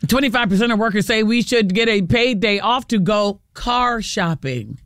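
Lockerer Radiomoderator mit hoher, klarer Stimme. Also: male voice, sits high, moderate pace, smooth, dry recording, studio quality. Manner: chatty and relaxed, slangy. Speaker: morning radio host. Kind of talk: casual morning radio banter.

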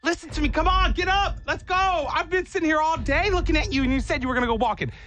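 A man's voice: quick pace, sharp tone, a little hiss or hum. A man doing a nagging, impatient dog. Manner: nagging, high-pitched complaining. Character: impatient pet dog, male, pushy and whiny.

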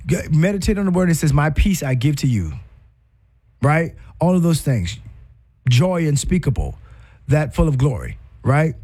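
Male preacher, higher voice, conversational sermon delivery with emphatic rises and repeats. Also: very animated, normal speed, warm tone, breathy edge.

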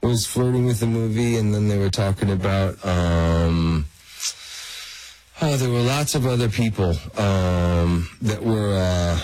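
A man guest on an interview, telling lively anecdotes and often laughing as he talks. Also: lowish voice, a little slow, no echo, low-quality recording. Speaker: actor guest.

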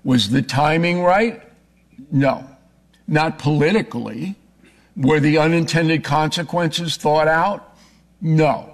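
A man making a forceful, argumentative case in a heated political debate, often cutting in. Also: on the high side, takes it slowly, long pauses. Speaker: political commentator.

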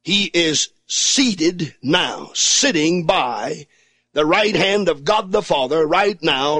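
A man preaching a fervent sermon from a studio, repeating his phrases and building to shouts. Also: sits high, dry recording. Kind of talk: radio sermon.

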